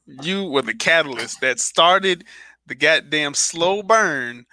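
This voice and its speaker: Very bright-voiced, boisterous podcast host. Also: male voice, fairly high pitch, animated, takes it slowly. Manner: boisterous, profane storyteller. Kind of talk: casual podcast banter.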